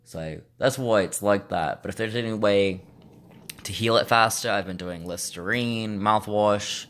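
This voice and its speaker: A man talking slowly and pausing to think in a casual, unscripted vlog, recorded on a phone in his bedroom with a sore mouth. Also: on the low side, a bit bright. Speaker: vlogger.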